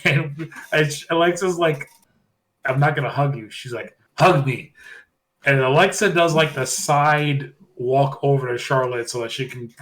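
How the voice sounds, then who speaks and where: A man's voice: mid-range voice, normal speed. Chatty man recapping with quoted voices. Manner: animated retelling, acting out quotes. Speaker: podcast co-host. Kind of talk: casual wrestling recap chat.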